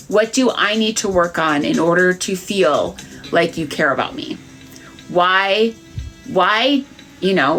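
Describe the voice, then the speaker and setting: A woman's voice: fairly low pitch, gravelly, a bit bright. A woman doing psychic readings on a live stream, talking frankly to viewers in a chatty way with many fillers.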